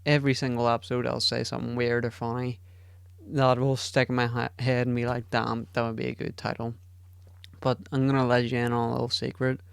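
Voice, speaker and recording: Talking alone into the mic, a podcast host swears a lot, rambles, and mocks himself in casual chat. His medium-pitched, gravelly voice comes out completely flat and fast, with a clean tone and no room sound.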